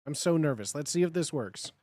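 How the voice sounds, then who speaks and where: A man's voice: on the high side, expressive, fairly quick, darkish tone, no room sound, clean studio sound. A man chatting casually on a live stream, nervous and muttering to himself between fillers. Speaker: livestreamer.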